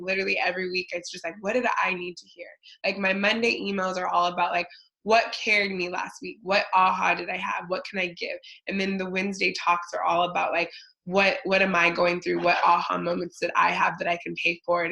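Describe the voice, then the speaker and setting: A woman's voice: medium pitch, gravelly, sharp tone, rough recording. A woman in her thirties giving a chatty motivational talk, telling a personal story with lots of fillers. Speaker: motivational speaker.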